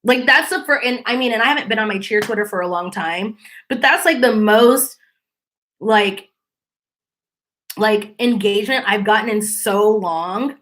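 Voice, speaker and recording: A young adult woman hosting a casual commentary channel, chatty and animated, mimicking people as she quotes them. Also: medium pitch, normal speed.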